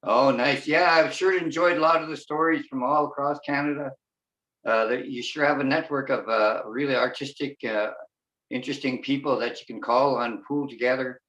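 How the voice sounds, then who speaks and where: A man's voice: medium pitch, steady tone, normal speed, fairly bright tone, reverberant, distant mic, rough recording. A man singing a playful folk song with a repeating chorus while playing ukulele, then chatting casually as a guest. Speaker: guest singer-songwriter.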